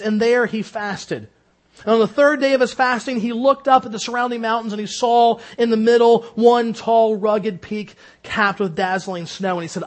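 A man preaching a sermon on temptation, urgent and exhorting, ending in a solemn prayer. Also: high-pitched. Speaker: pastor.

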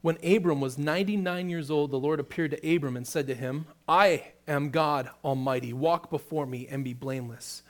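A man's voice: a little high, moderate pace, few pauses. A man preaching a sermon, reading scripture aloud and then explaining it with rising emphasis. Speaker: pastor.

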